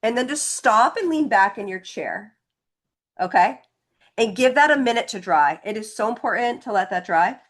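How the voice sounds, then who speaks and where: A woman's voice: on the high side, lively intonation, normal speed. A woman leading a live online painting class, talking through each step in a chatty, encouraging way as she demonstrates. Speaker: painting instructor.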